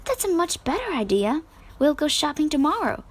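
A woman voicing a lively, blunt young sister in a storybook reading. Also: a little high, unhurried, gravelly, exaggerated voice, rough recording.

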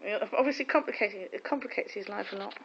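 A woman's voice: medium pitch, quick pace, background noise. A woman in casual chat, telling rambling, gossipy stories full of restarts. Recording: dull lo-fi recording.

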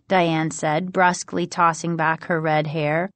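Slow, expressive woman narrator. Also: deep voice, no echo. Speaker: audiobook narrator. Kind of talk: storybook reading.

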